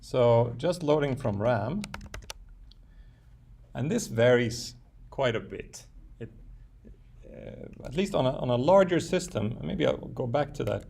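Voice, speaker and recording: Gravelly man lecturing with many fillers. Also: mid-range voice, expressive, takes it slowly, long pauses, a little mellow. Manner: thinks aloud with frequent fillers and restarts. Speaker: university lecturer. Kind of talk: classroom lecture. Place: lecture room.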